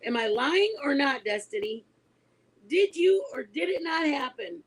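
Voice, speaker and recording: A woman in her forties, a mother, telling a story to her online viewers in a casual, animated way. She is emphatic and laughs often as she talks. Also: high-pitched, a little slow, low-quality recording. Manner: animated and emphatic, insisting she is not lying.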